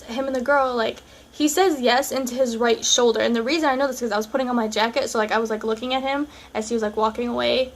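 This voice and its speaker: A young woman vlogger telling a personal story in a casual, chatty way, full of "like" and acted-out dialogue. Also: fairly high pitch.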